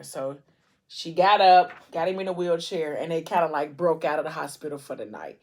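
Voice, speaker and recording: A woman's voice: low-pitched, moderate pace, darkish tone. A woman vlogger casually retelling a long story between bites, chatty and slangy, with lots of "like" and "um". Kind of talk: casual storytelling during a mukbang.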